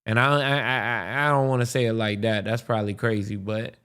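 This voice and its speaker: A man's voice: fairly low pitch, steady tone, brisk, fairly bright tone, clean tone. A man hosting a podcast, reacting to a history video in casual, profane commentary, thinking aloud with restarts.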